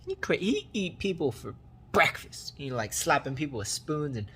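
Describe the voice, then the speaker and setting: A man's voice: a little high, big pitch swings, normal speed, bright, forceful tone, husky, heavily acted. A man doing a brash young fish, trash-talking. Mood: boastful. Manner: rambling street-slang trash talk. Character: brash young male fish bragging about a crazy friend.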